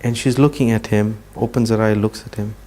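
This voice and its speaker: Low, mellow-voiced man telling a story. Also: steady tone. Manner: earnest storyteller, slows for emphasis. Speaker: Islamic speaker. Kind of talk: religious talk with storytelling.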